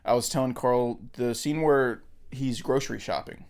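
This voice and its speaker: A man's voice: medium pitch, fairly even intonation, moderate pace, a little mellow. A man co-hosting a podcast, chatting casually and enthusiastically about a movie, with frequent fillers. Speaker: podcast co-host. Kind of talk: casual film chat.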